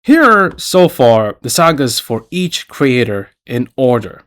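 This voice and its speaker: A man's voice: mid-range voice, big pitch swings, slow, a bit bright. A man hosting a scripted video essay, reading it out with casual asides.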